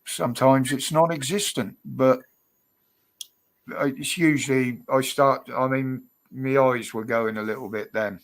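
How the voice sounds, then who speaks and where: A man's voice: medium pitch, steady tone, measured pace. A man hosting a casual livestream chat, rambling, laughing and cheeky. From United Kingdom. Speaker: livestream host.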